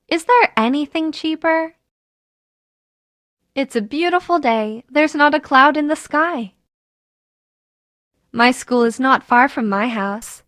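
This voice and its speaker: A woman with a high voice reads short practice sentences at an unhurried pace. Her delivery is clear and measured, with each line set apart. The sound is close and dry, with no room behind it. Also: fairly bright tone, no room sound. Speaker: English sentence reader. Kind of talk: slow scripted sentence reading.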